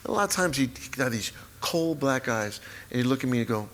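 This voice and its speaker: A man in his sixties, a memoir author, telling a personal story at a live talk event, halting, repetitive and openly emotional. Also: mid-range voice, expressive, fairly bright tone, a little hiss or hum. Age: 60s.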